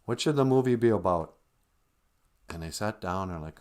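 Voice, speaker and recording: A man's voice: deep voice, expressive, brisk, darkish tone. A man hosting a podcast, rambling through a casual comic movie recap with digressions and self-corrections. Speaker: podcast host.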